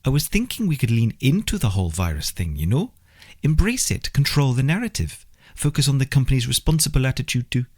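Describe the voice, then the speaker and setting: A man's voice: mid-range voice, very animated, fairly quick, darkish tone, husky, pitched above the performer's own voice. A man doing a nervous young PR woman. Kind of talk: audiobook character reading.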